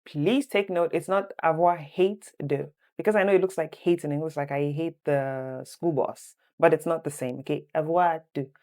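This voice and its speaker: Mellow-voiced woman teaching French. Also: deep voice. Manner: repeats each phrase slowly, chatty asides. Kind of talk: online language lesson.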